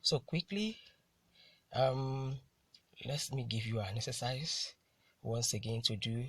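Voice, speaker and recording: A man teaching a recorded lesson, speaking slowly and deliberately, repeating key words and spelling out letters. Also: medium pitch, a bit bright, husky, no echo.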